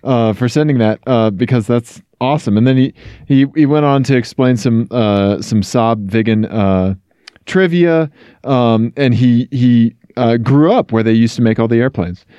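A man's voice: medium pitch, moderate pace, mellow, smooth, dry recording. A man from Missouri co-hosting a podcast in casual chat, talking with many fillers and restarts. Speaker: podcast co-host.

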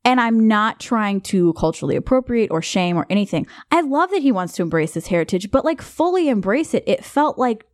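A woman's voice: mid-range voice, big pitch swings, a little fast, hardly any pauses, no echo. A woman hosting a casual film review chat, blunt and opinionated. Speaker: podcast host, film reviewer.

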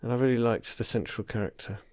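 A man's voice: mid-range voice, fast, a little mellow, dry recording. A man from England co-hosting a podcast in casual chat, rambling and searching for words with many restarts. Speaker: podcast co-host.

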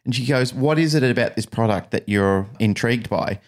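A man co-hosting a casual podcast, telling stories in an animated, emphatic way. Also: medium pitch, fairly quick. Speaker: podcast co-host.

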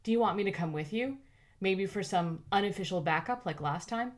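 Woman reader doing an eager, chatty sidekick, raised pitch, audiobook. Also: animated, a little fast, close to an everyday voice. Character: Justine, friendly eager adult woman. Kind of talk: audiobook character voice.

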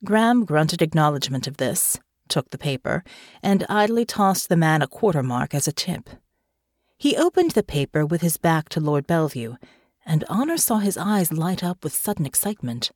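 A woman's voice: low-pitched, sing-song, normal speed, a little mellow, no room sound, clean studio sound. A woman reading a fantasy novel aloud as audiobook narrator. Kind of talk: scripted narration.

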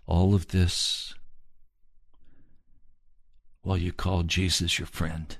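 Slow, pleading male preacher, dry sound. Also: low-pitched, level tone, no room sound. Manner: earnest, pleading, slow and deliberate. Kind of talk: sermon.

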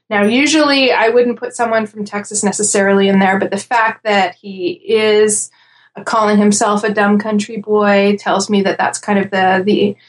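A woman in casual podcast chat, talking through predictions with lots of fillers and easy laughs. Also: mid-range voice. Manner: chatty, laughs easily, many fillers. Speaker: podcast guest analyst.

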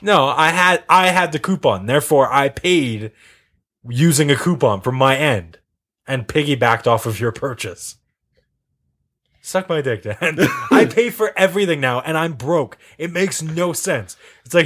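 A man's voice: on the high side, sing-song, measured pace, a bit bright. A man hosting a podcast in casual chat, joking and rambling, often breaking into laughter. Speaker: podcast host.

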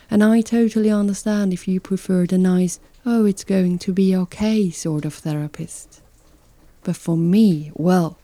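A woman speaking in a slow, reflective narration, calm and unhurried. Her voice is dark and mellow, a little low, and the sound is dry and close. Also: no room sound. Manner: slow, calm and reflective, with soft whispered asides.

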